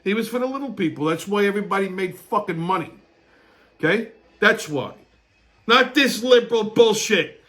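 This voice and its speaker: A man with a high voice rants loudly and crudely, angry and often shouting, as host of a weekly wrap-up show. He's expressive and keeps a moderate pace through profane rants and casual show segments.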